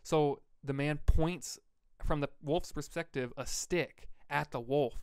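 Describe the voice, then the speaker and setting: A man from Vermont co-hosting a podcast, telling stories in a rambling, relaxed way with lots of fillers. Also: fairly high pitch, slow, smooth, no room sound, clean studio sound. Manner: rambling, laid-back storyteller with fillers. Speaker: podcast co-host. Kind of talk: casual storytelling chat.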